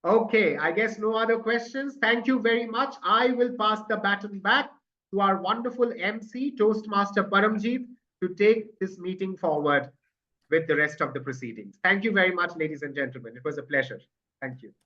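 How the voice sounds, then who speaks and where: A man's voice: high voice, moderate pace, pushed and bright, lo-fi sound. A man leading a speaking-club workshop, patiently explaining with repeated examples. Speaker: workshop presenter. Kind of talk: interactive workshop talk on a video call.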